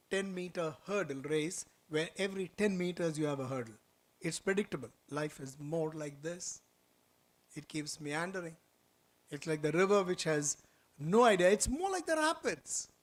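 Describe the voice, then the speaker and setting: A man giving a lively motivational orientation talk in an auditorium, quizzing the audience and telling stories. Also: a little high, moderate pace. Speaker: orientation speaker.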